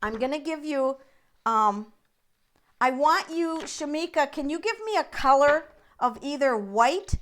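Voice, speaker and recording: A woman's voice: high voice, lively intonation, a little slow, a bit bright. Chatty woman hosting a tarot livestream. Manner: chatty and encouraging, addressing viewers by name. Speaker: tarot reader and livestream host. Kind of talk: live-stream tarot reading.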